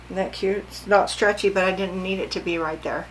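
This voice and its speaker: A woman's voice: medium pitch, fairly even intonation, fairly quick, a little hiss or hum, poor audio. An older woman vlogging casually about her sewing, chatty and rambling, often asking her viewers questions.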